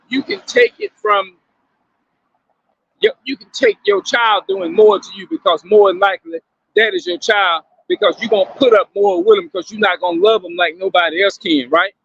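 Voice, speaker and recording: Gravelly man musing aloud to viewers. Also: high voice, fairly bright tone, dull audio, a little hiss or hum. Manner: questioning, repetitive, emphatic. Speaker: commentator addressing viewers. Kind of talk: casual monologue to viewers.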